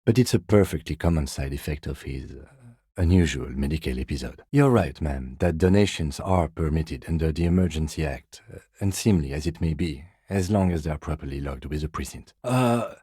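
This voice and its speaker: An actor playing a reserved, precise middle-aged police lieutenant in a video game, speaking in a measured, formal, dry way. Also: male voice, a bass voice, animated, dark tone, slightly rough, dry recording, exaggerated voice. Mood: calm, formal. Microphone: close studio mic.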